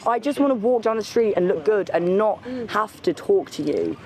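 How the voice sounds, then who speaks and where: A British woman speaks in a street interview, pressing her points by repeating them. She is outdoors on a busy city street, with a steady crowd murmuring behind her voice. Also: mid-range voice, moderate pace. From United Kingdom. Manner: emphatic, repeats herself for stress.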